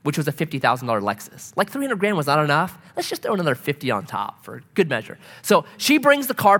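A middle-aged man preaching a sermon, telling stories in an animated way and swinging from loud to soft. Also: high-pitched. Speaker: pastor. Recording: long hall reverb.

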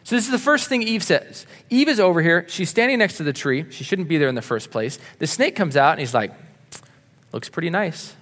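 Male pastor delivering a sermon, insistent, slightly high voice, long church echo. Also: expressive, a little fast, few pauses. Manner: earnest and insistent, shifting between punchy emphasis and quiet asides.

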